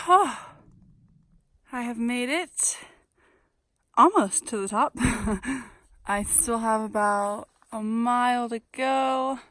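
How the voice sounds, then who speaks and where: A woman's voice: a little high, a bit bright, rough recording. A young woman vlogging while hiking a snowy mountain trail, talking earnestly and chattily with many fillers, into a handheld camera outdoors. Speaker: long-distance hiker vlogging. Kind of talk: casual vlog narration.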